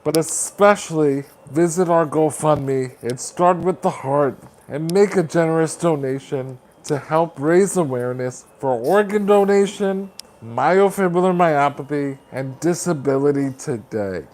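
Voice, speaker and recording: A man's voice: on the high side, measured pace, darkish tone. A man hosting a livestream, chatting casually and upbeat as he reads out viewer comments and rallies support. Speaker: livestream host.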